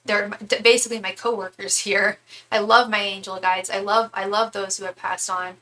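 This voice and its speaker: A young woman tarot reader chatting on a live stream, rambling from story to story with plenty of fillers. Her voice is bright and forceful, sitting at an ordinary middle pitch. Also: little pitch movement, normal speed, a little hiss or hum. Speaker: tarot reader and psychic medium. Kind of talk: casual live-stream chat.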